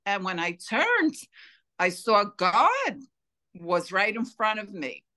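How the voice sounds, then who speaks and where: A woman being interviewed tells her story at a slow, deliberate pace. Her voice is bright and forward, with a mid-range pitch. She comes across as earnest and unhurried. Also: wildly swooping pitch. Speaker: interview guest. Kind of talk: telling a personal story in an interview.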